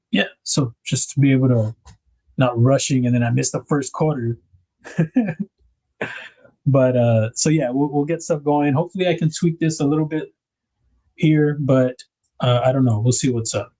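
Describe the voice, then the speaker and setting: With a warm, mid-range voice, a man hosts a casual livestream, chatting with viewers, reading their comments out loud and laughing often.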